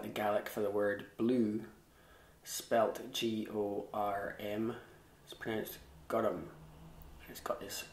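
A man with a fairly low voice teaches fiddle in an easygoing, chatty way. He is modest about his own playing and scat-sings rhythms to show them. The sound carries a fair bit of room echo. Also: slight background noise. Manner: chatty and self-deprecating, with scat-sung rhythms. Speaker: fiddle tutor. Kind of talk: relaxed online music lesson. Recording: echoey room.

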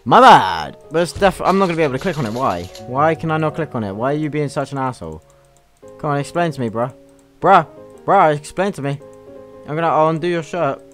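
A man's voice: on the high side, animated, fairly quick, a bit bright, faint music behind. A young man giving crude, swear-filled gameplay commentary as a YouTube gamer, mocking the game as he plays. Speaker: gaming YouTuber.

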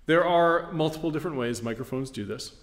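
A man teaching audio engineering, explaining microphone patterns in a steady, clear way while he walks around the mic in a large recording studio. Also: a little high, fairly quick. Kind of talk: studio demonstration lesson. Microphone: studio condenser mic at varying distance. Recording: roomy studio reverb, voice moving off-mic.

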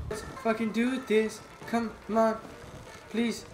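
A man's voice: sits high, unhurried, over music. A man giving gameplay commentary, frustrated and swearing constantly. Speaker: gamer. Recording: roomy with loud background noise.

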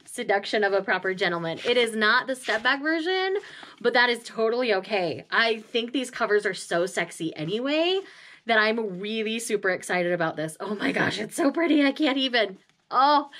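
A woman's voice: fairly high pitch, fairly bright tone. A woman hosting a casual unboxing vlog, gushing and emotional, often laughing as she talks to her viewers. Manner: chatty, addresses viewers directly. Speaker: manga vlogger.

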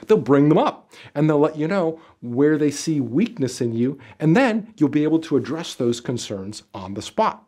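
Energetic male interview coach, speaks straight to camera, emphatic, chatty, medium pitch. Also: slightly rough. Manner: animated, emphatic, gestures with arms and body; conversational, many "you know" fillers. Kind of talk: direct-to-camera advice video.

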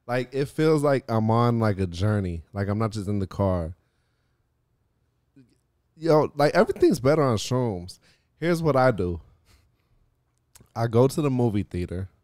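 Smooth-voiced man telling wild stories. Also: medium pitch, no room sound, clean studio sound. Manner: animated storyteller, swears and laughs often. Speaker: podcast host. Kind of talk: casual chat.

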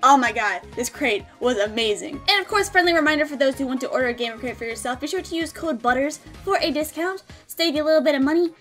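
Bubbly high-voiced woman. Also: fast talker, hardly any pauses, soft background music. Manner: bubbly, giggly, excitable. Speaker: gaming content creator. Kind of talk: casual unboxing vlog.

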